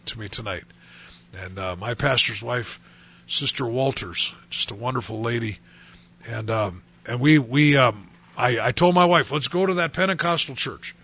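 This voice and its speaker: Halting gravelly male pastor. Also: fairly high pitch, pushed and bright, no echo. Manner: halting, repeats words and restarts often. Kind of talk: personal testimony talk.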